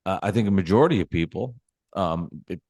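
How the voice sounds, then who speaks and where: A man's voice: deep voice, a little fast, a little mellow, slightly rough, dry recording, clean studio sound. A man co-hosting a sports talk podcast, talking emphatically and ranting about his team's fans. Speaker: podcast co-host.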